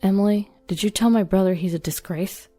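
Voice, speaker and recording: A woman's voice: medium pitch, brisk, warm tone, soft background music, close to an everyday voice. A woman voicing a young man who is a grateful, earnest younger brother. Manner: earnest, stern toward his bride.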